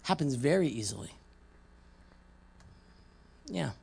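A woman preaching a sermon with a gravelly, fry-edged voice. She talks to the room conversationally, tosses out questions and slips into quoted voices as she tells it. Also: rumbling low, big pitch swings, slow pace, a little mellow.

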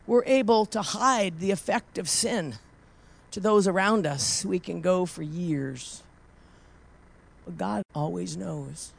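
A woman preacher telling a personal story in a sermon, moving from hushed storytelling to loud, impassioned praise. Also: medium pitch, takes it slowly, vocal fry, dry recording.

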